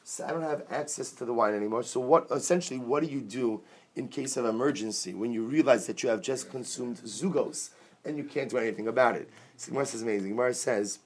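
A man leads a lively Talmud class. He reads short Aramaic phrases and explains each one in English with animated energy. Now and then he jokes with his students. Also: mid-range voice, slightly rough. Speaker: Talmud teacher.

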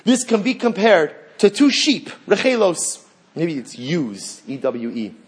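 A man's voice: high-pitched, very animated, measured pace, slightly rough. A man giving a Torah class lecture, asking rhetorical questions, repeating phrases for emphasis and mixing Hebrew and Aramaic terms into English. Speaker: Torah teacher.

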